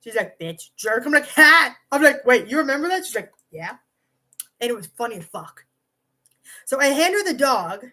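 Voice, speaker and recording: A woman's voice: on the high side, sing-song, normal speed, pauses often, fairly bright tone. A young woman casually telling a rambling personal story, swearing freely and often restarting her sentences. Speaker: vlogger.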